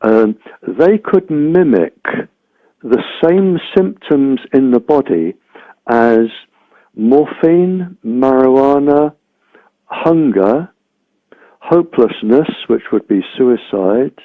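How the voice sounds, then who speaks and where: A man talks very slowly and deliberately, listing things with hesitant ums. The sound is thin and tinny, like a phone line, and completely dry with no room echo. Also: medium pitch, lively intonation. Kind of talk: slow explanatory talk.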